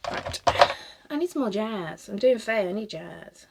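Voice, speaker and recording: British woman, 30s, husky, middle pitch, casual rambling chat while styling a wig, swears freely, laughs often. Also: expressive, a little slow, darkish tone. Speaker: cosplayer.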